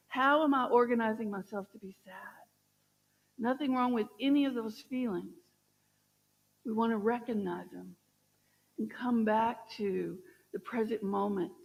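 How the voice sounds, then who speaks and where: A woman minister giving a sermon, gently encouraging and asking her listeners questions. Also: fairly high pitch, creaky, in a large hall, poor audio. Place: church sanctuary.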